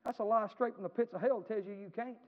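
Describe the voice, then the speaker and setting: A man preaching a sermon as pastor, in a folksy storytelling manner that swells into impassioned shouting. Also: high-pitched, quick pace. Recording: echoey hall, dull lo-fi sound.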